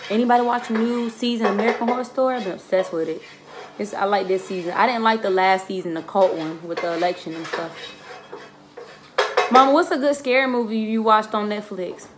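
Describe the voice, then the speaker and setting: A woman chatting casually and telling animated stories, laughing often. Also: mid-range voice, brisk. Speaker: vlogger. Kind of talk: casual chat.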